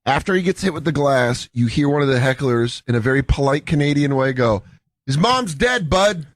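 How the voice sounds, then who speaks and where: A man co-hosting a talk radio show in casual banter, with wry, deadpan quips and mock quotes. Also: mid-range voice, fairly quick, no echo. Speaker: radio co-host.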